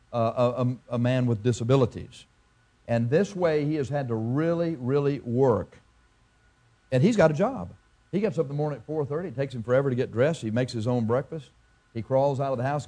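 A male pastor delivers a sermon in a mellow, warm voice. He tells stories, repeats his points for emphasis, and often stops and restarts mid-phrase. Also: mid-range voice. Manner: storytelling preacher, halting restarts, emphatic repetition.

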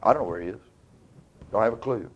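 A preacher muttering as a sullen, evasive killer. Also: male voice, fast talker, breathy edge, muffled recording. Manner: low, mumbled, dismissive. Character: sullen evasive young man, a brother-killer.

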